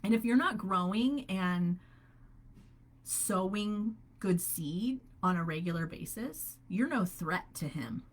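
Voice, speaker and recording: Animated woman coaching with upbeat conviction. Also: medium pitch, slow pace. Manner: animated, upbeat, laughs often. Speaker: holistic health coach. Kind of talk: live faith-based coaching call.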